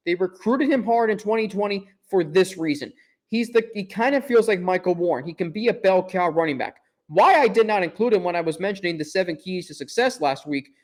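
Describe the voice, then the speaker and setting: Young male sports podcast host, fairly high voice, confident and emphatic, quick self-mocking asides. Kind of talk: opinionated sports podcast talk.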